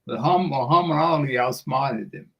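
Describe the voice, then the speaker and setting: An older man telling a lively story on the radio. He acts out the voices as he goes, laughs often, and keeps calling the listener "man". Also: medium pitch, moderate pace, gravelly, highs cut off. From Washington DC area. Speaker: guest storyteller. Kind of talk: animated anecdote on radio.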